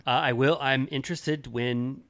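A man co-hosting a podcast in casual chat, animated and blunt, swearing often and mimicking people in a high voice. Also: moderate pace. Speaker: podcast co-host.

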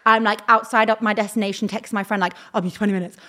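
A young woman, a talent agent, telling an animated story on a podcast. She acts out the quoted dialogue in her own voice and fills her sentences with "like." Her voice sits at a mid pitch. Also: racing. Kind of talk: casual storytelling chat.

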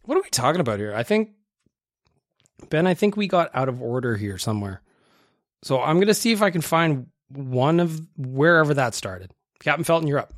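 A man's voice: on the high side, very animated, fairly quick, dry recording, clean studio sound. A man hosting a casual podcast, chatty and self-deprecating as he plays listener voicemails. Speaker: podcast host.

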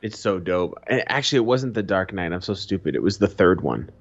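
Low-pitched dude cursing casually on a podcast, kinda muffled lo-fi sound. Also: male voice, animated, brisk. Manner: loose, profane, laughs and does sound effects. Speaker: podcast co-host. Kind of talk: casual chat and news reading.

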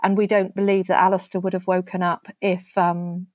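A woman speaking as an interview guest, earnest and halting, often restarting her sentences. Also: on the low side, flat delivery, a little mellow, no room sound. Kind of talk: conversational interview.

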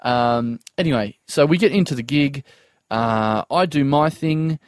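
A man's voice: mid-range voice, measured pace, no echo, clean studio sound. A man telling a comedy story in casual podcast chat, acting out quoted voices and laughing often.

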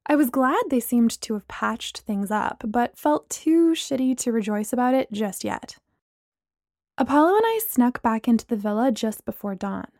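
Woman narrating an audiobook, high and dry. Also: dark tone, no room sound. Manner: first-person storytelling with voiced dialogue.

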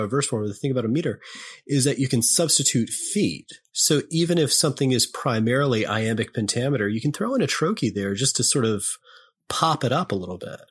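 A man hosting a podcast, casually explaining poetry in a halting way, often clearing his throat and correcting himself. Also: mid-range voice, lively intonation.

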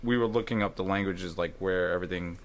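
Low-voiced earnest young guy. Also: fast, gravelly. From New York. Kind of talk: casual chat among friends.

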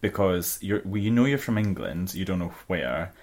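Very low-voiced teasing Scottish woman. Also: expressive, moderate pace, a little mellow. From Scotland. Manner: teasing, playful, giggly. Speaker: podcast co-host. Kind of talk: casual chat.

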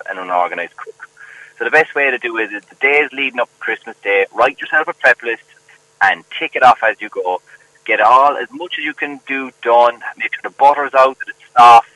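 Bright-voiced chef giving advice. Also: male voice, mid-range voice, dry recording, low-quality recording. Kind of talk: advice in a news clip.

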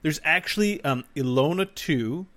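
A man's voice: on the high side, animated, moderate pace, fairly bright tone. A man co-hosting a gaming podcast in casual chat, rambling with many fillers and casual swearing. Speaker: podcast co-host.

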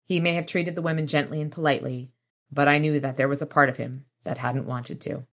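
A woman with a deep voice and steady tone, speaking fairly quickly, hosts a podcast. She reads novel passages aloud, retells scenes with free swearing, shifts back and forth between the two, and lightly voices the characters.

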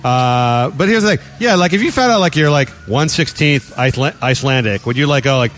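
A man's voice: medium pitch, lively intonation, fairly quick, a bit bright. A man hosting a podcast in casual chat, ranting wryly and laughing at his own jokes. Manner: wry, ranting, laughs often. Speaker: podcast host.

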